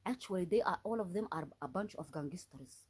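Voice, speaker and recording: A woman's voice: on the low side, lively intonation, a little fast, slightly rough. A woman delivering an unscripted solo monologue, agitated and accusatory, often stopping to restart and repeat her words for emphasis. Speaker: vlogger.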